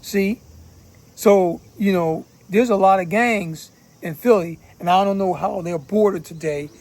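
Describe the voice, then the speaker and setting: A man's voice: high-pitched, a little slow, a little mellow. A man from Philadelphia giving casual commentary, talking bluntly in profane street slang. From Philadelphia, USA. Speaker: channel host giving commentary.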